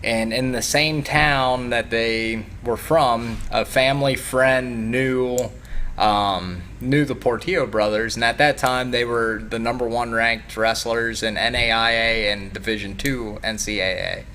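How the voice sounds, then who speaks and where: A man's voice: medium pitch, fairly even intonation, a little slow, pushed and bright, a little hiss or hum. A man who coaches youth wrestling, talking casually as a guest on a morning TV show, laid-back and full of fillers. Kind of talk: casual TV interview.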